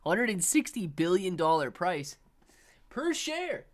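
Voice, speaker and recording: Animated man with allergies streaming. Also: high voice, slow pace. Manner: rambling, animated, talks to viewers. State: coughing and sneezy from allergies. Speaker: livestream host. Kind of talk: casual livestream commentary.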